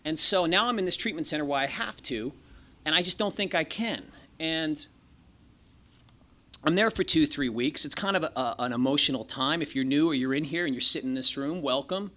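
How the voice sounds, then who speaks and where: Brisk and forceful, this slightly high, bright male voice belongs to a speaker from Los Angeles recounting his recovery at a meeting. He talks candidly with plenty of profanity, joking around and mimicking other people, in a meeting room.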